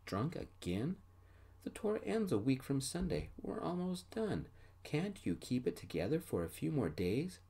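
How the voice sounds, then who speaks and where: A man softly voicing a stern, scolding young woman in an audio story. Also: fairly low pitch, slow pace. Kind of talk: soft-spoken ASMR storytelling.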